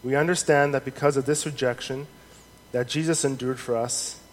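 A man preaching a sermon in an earnest, measured way, reading scripture aloud with rising emphasis. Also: mid-range voice, fairly even intonation. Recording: long hall reverb, faint noise.

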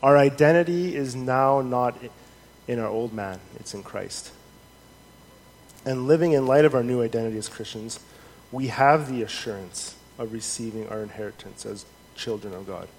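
A man preaching a sermon in an earnest, measured way, reading scripture aloud with rising emphasis. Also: mid-range voice. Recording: long hall reverb, faint noise.

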